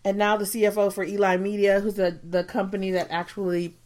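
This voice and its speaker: A woman's voice: medium pitch, level tone, brisk, a little mellow. A woman co-hosting a podcast in casual chat, giggling often and rambling with many ums. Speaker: podcast co-host.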